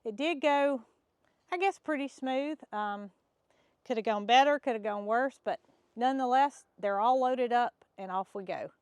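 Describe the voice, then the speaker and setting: Woman farm vlogger, folksy and coaxing, voice a touch high, recorded outdoors. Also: normal speed, smooth. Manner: folksy, coaxing animals with a soft repeated call. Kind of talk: casual chat and narration.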